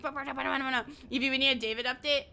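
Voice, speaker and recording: A woman streamer chatting casually while she plays, excitable and quick to swear, often breaking into laughter. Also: high voice, gravelly. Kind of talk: casual live-stream chat.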